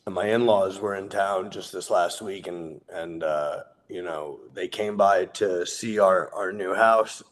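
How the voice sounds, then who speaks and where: A man in his thirties giving a sobriety meeting share, earnest and heartfelt, candid and quick to swear. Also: low-pitched. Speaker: guest speaker sharing his recovery story.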